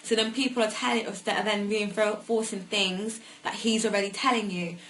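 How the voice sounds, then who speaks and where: A young woman, sharing her personal story haltingly, with many fillers and restarts. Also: medium pitch, steady tone, a bit bright, poor audio. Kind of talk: personal testimony.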